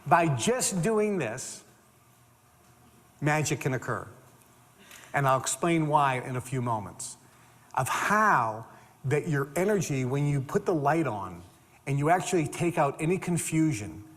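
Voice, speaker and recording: Guy doing a motivational talk, super lively up-and-down voice, emphatic, long hall echo. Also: on the high side. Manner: animated, emphatic, repeats phrases for stress. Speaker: motivational speaker.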